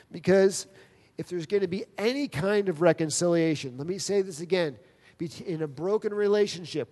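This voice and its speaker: Pastor, male, slightly high voice, earnest emphatic sermon delivery, long hall reverb. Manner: earnest, emphatic preaching with dramatic pauses.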